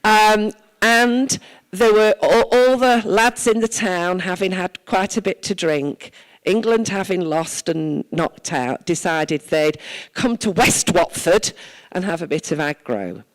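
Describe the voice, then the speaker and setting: A woman's voice: on the low side, takes it slowly, rough recording. A woman from Wales, a town mayor, giving an earnest, conversational address at a church service and telling stories from her own life.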